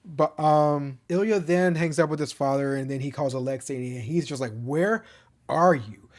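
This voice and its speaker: A man's voice: fairly high pitch, fairly even intonation, moderate pace, a little mellow. A man giving a casual, rambling recap of a TV show, full of "like" fillers and fond enthusiasm. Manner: chatty and rambling, many "like" fillers and restarts. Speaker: TV show reviewer.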